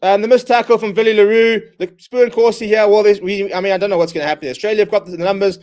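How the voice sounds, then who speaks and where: A man hosting a live rugby watchalong, calling the play in quick bursts and ranting in exasperation at his own side. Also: high-pitched, fairly even intonation, darkish tone. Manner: exasperated, ranting fan commentary. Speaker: watchalong host. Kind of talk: live match watchalong commentary.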